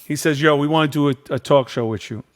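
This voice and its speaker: A man's voice: on the high side, fast. A middle-aged man hosting a podcast, telling a long story in casual chat and acting out the people he quotes with lots of repetition. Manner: animated storyteller, acts out quotes, repeats phrases. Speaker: podcast host.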